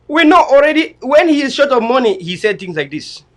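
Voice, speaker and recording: A man's voice: extremely high pitch, sing-song, brisk, few pauses, a bit bright. A man hosting political commentary, mocking and firing off rhetorical questions. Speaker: host.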